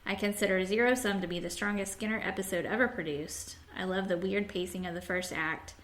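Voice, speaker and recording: A woman hosts a podcast, chatting casually and reading listener comments aloud, laughing often. Her mid-range voice is a bit bright and fairly even in intonation, and she speaks fairly quickly.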